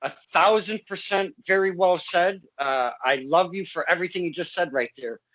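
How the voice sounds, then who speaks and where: Female podcast host, bright and forceful tone, blunt, swears, lots of restarts. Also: on the low side, normal speed, poor audio. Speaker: interview host. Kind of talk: casual interview chat.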